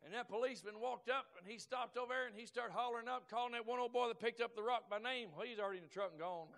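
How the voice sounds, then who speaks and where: A man preaching, telling folksy stories and building up to shouted exhortation. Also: extremely high pitch, racing. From Oklahoma. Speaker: guest preacher. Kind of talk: Pentecostal preaching.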